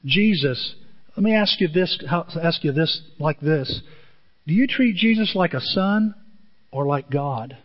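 This sermon comes from a middle-aged pastor in a church auditorium who tells lively stories, his pitch jumping suddenly between quick asides. The hall is reverberant and the sound dull.

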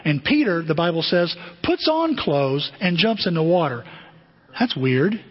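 High, husky pastor preaching in a hall. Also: male voice, a little slow. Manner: animated storytelling, acting out quotes. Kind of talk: sermon. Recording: dull hall recording with long reverb.

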